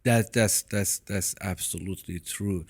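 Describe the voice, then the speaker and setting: A man's voice: sits low, steady tone, measured pace. A man with a foreign accent hosting a podcast, talking in an earnest way, repeating himself as he tells stories. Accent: foreign accent in English. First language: not English. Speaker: podcast host. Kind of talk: casual interview chat.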